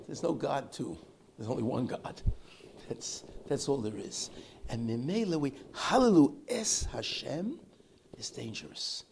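A man giving a Torah talk as a rabbi, animated, swinging between loud exclamations and near-whispers and acting out the people in his stories. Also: medium pitch, normal speed, gravelly, slight background noise. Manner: acts out quoted people in his story.

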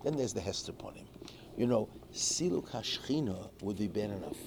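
A man's voice: fairly low pitch, animated, normal speed, a little mellow. A man giving an informal religious class, telling stories in a digressive way with many restarts and Hebrew and Yiddish terms. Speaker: Torah teacher. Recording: clear background noise.

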